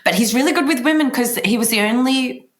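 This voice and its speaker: An Australian woman, a guest columnist, chatting casually in an interview and telling a story with lively acted-out quotes. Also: a little high, fast talker, a little hiss or hum. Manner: animated storyteller, acts out quoted voices.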